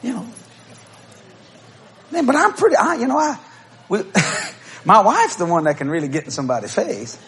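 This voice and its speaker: A middle-aged man preaching a humorous storytelling sermon, acting out quotes and bursting into shouts and laughter. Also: high-pitched, very animated, normal speed, long pauses.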